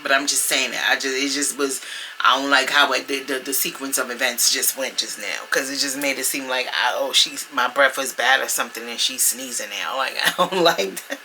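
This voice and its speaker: A woman's voice: extremely low pitch, steady tone, brisk, sharp tone, slight background noise, poor audio. A woman, talking casually to camera at home in a vlog, chatty and playful, laughing as she goes. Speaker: vlogger. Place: home room with the heat running.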